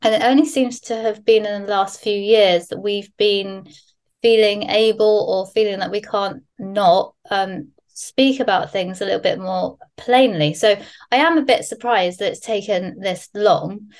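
A woman speaking as a guest in a casual podcast chat, candid and animated, swearing freely as she tells stories. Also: mid-range voice, measured pace.

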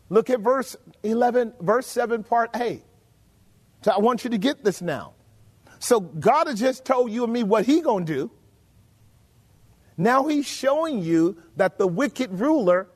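A man preaching a sermon, emphatic and full of rhetorical questions to his congregation, drawing out key phrases slowly. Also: very high-pitched. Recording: long hall reverb.

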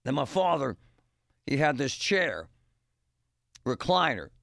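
A man's voice: medium pitch, big pitch swings, slow, creaky, a bit bright, no room sound, studio quality. A middle-aged man hosting a radio show, rambling and joking in a casual monologue with punchy exclamations.

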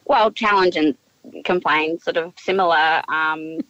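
A woman's voice: low-pitched, measured pace, no echo, lo-fi sound. A woman co-hosting a radio show, making a prank call in a hesitant, mock-official manner full of ums. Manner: hesitant feigned officialdom, many ums, deadpan.

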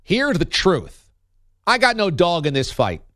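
A man's voice: high-pitched, wildly swooping pitch, measured pace, bright, forceful tone, no room sound, clean studio sound. A man giving opinionated sports commentary as a radio host, emphatic and argumentative, hammering points with punchy repetition.

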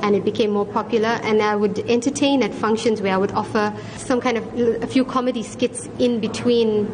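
A woman's voice: a little high, fairly even intonation, fairly quick, noisy background. A South African woman in her forties, a restaurant owner, talking in a chatty, friendly interview. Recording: crowd chatter behind.

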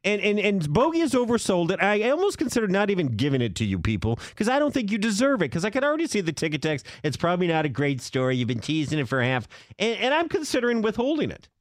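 A man's voice: sits high, huge pitch swings, fast, few pauses, dry recording, studio quality. A man hosting a casual talk show, telling a story hesitantly with many restarts and asides. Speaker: podcast host.

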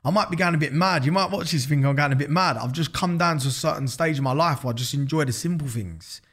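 Essex bloke in his thirties, podcast guest, lively and sweary, slightly higher voice, repeats himself. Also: fast talker, breathy edge. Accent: Essex English. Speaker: podcast guest, business founder. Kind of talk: casual interview chat.

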